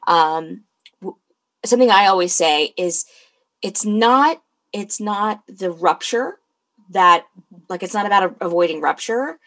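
A young woman hosting a podcast, talking candidly and animatedly in casual conversation, with quick laughs. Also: mid-range voice, animated, a bit bright.

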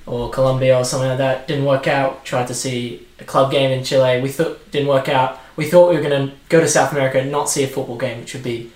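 A man's voice: mid-range voice, fairly even intonation, quick pace, few pauses, echoey room. A man with an Australian accent, co-hosting a casual football chat and telling stories with plenty of fillers. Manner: chatty storyteller, lots of fillers. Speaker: podcast co-host.

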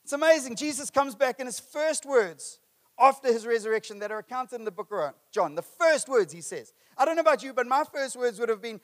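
A middle-aged male pastor preaching a sermon, passionate, building to emphatic peaks and then dropping low. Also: lively intonation, fast.

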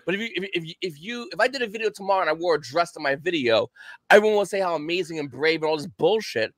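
Blunt high-voiced man, dry close mic. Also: expressive, fast talker, a bit bright, dry recording. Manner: blunt, profane, rambling with repeated restarts. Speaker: podcast host. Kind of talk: casual podcast chat.

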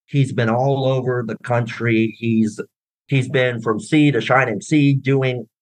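A man's voice: medium pitch, fairly even intonation, measured pace, no echo, rough recording. Man, interview guest, rambling, chatty, dry close mic. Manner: chatty, rambling with many restarts and fillers. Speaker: guest, tribute band drummer. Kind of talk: casual interview chat.

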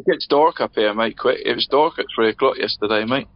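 A man's voice: medium pitch, brisk, vocal fry. A man co-hosting a casual football podcast, laid-back and laughing often, calling his partner "mate" nearly every line. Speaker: podcast co-host. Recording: dry, dull lo-fi sound.

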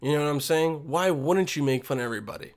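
A man's voice: on the high side, fast. A man delivering a crude, profane monologue, rambling and losing his thread, blunt and combative.

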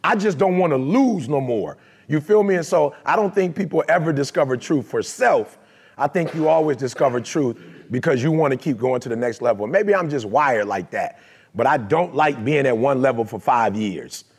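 Man, husky, raspy, emphatic motivational speaker, casual slang. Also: medium pitch, expressive, normal speed, darkish tone. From Detroit, USA. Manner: emphatic, conversational, streetwise slang. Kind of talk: motivational talk to a live audience.

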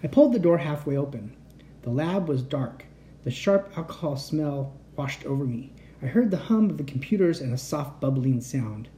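A storyteller reading a children's book aloud as a bedtime story, with an expressive, animated delivery. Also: medium pitch, normal speed, slight background noise.

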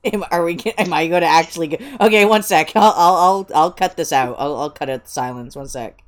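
A woman's voice: sits low, fairly quick, soft background music. A woman co-hosting a casual podcast, playful and laughing often. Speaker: podcast co-host.

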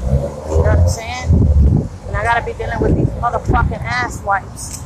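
High-voiced woman ranting, heavy profanity. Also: huge pitch swings, normal speed, heavy background noise. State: tired and in pain. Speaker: retail worker podcasting. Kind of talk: casual venting monologue.

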